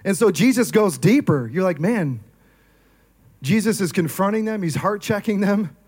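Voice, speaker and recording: High-pitched guy pastor preaching, energetic, keeps asking the crowd stuff. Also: a little fast, breathy edge. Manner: energetic, asks the crowd questions. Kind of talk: sermon.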